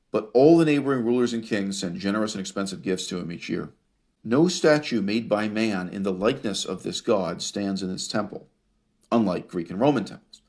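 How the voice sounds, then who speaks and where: A man's voice: fairly low pitch, creaky, a little mellow, slightly rough. A man lecturing on ancient history, reading source passages aloud and commenting on them with wry humor and rhetorical questions. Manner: wry, laughs at his own source readings; rhetorical questions, drawn-out emphasis.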